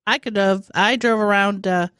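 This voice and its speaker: A woman's voice: mid-range voice, fairly even intonation, moderate pace, fairly bright tone, clean tone, no echo, studio quality. A woman co-hosting a casual podcast chat, outspoken and opinionated, with a teasing streak. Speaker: podcast co-host.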